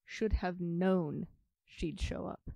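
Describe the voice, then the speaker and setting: A woman's voice: fairly low pitch, slow pace, gravelly, no echo, lo-fi sound, heavily acted. A woman actor playing a wistful, questioning woman's voice of memory in an experimental theater monologue. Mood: probing. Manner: questioning, shifting between soft and pressing. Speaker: stage actor.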